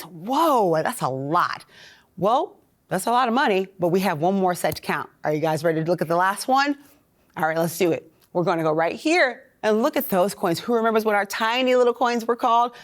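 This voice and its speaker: A woman teacher counting coins with children in a cheerful, excited way. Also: medium pitch, a little fast. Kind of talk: children's lesson.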